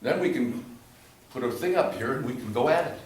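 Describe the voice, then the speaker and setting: A man directing an actor in rehearsal, blunt and swearing, dropping low then pushing hard, recorded from across an echoey studio theatre. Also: animated, fairly quick. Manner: blunt, swearing, swings from quiet to loud pushing. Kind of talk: rehearsal coaching. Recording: echoey room from far off.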